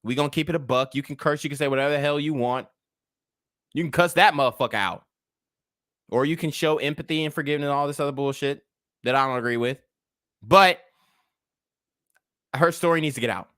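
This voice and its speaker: A young man hosts a livestream commentary, heated and blunt, swearing freely. His voice is bright and forceful, a bit above the usual pitch, and the recording is dry and close. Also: fairly quick, long pauses, dry recording. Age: young adult. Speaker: commentary channel host.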